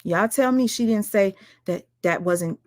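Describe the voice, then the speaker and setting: A woman ranting on her livestream, firing rhetorical questions at her viewers, swearing often and talking fast and emphatically. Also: mid-range voice, a little mellow, no echo, clean studio sound. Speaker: livestream commentator. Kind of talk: heated livestream rant.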